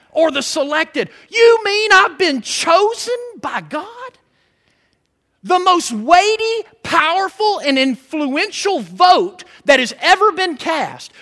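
A man preaching a sermon with fervor, building to shouted emphasis on key words. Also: very high-pitched, big-room sound.

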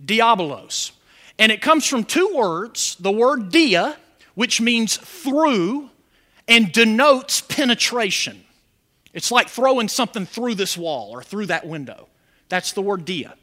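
A man preaching a sermon as pastor, animated, with call-and-response questions to the congregation. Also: high-pitched, takes it slowly.

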